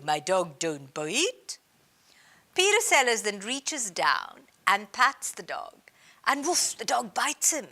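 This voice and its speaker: A woman from India giving a recorded business training presentation in a lively, emphatic teaching style. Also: mid-range voice. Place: based in Australia.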